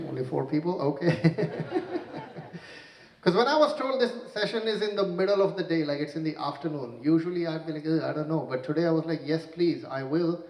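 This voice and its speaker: A man performing a stand-up comedy set on stage, with deadpan punchlines and animated storytelling. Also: fairly high pitch, a little fast, echoey room, recorded from a distance, rough recording. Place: stage in a large room with an audience.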